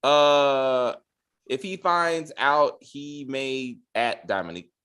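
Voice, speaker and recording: A man hosting a casual review show, talking in an animated, profane way. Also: medium pitch, takes it slowly, clear, resonant tone. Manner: animated, profane, quotes characters in put-on lines. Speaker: podcast host reviewing a TV episode. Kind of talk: casual chat.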